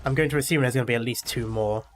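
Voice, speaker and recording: A man giving casual, joking playthrough commentary on a game, reacting out loud as things happen. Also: mid-range voice, racing, faint music behind. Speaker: gaming channel host.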